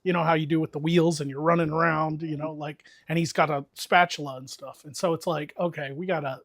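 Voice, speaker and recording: A man's voice: on the high side, steady tone, a little fast, a bit bright, dry recording, studio quality. A man casually telling a long, profane story to friends on a stream, talking with lots of energy.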